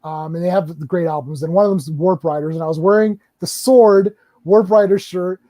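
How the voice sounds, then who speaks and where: Excitable high-voiced man chatting. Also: fairly quick, no echo. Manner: excitable, stammering restarts, acts out quoted voices. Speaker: host. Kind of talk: casual podcast chat.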